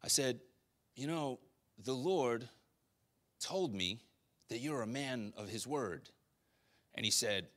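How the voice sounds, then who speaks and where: A young man preaching a sermon, telling a personal story in a conversational, animated way with quoted dialogue. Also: medium pitch, normal speed, long pauses.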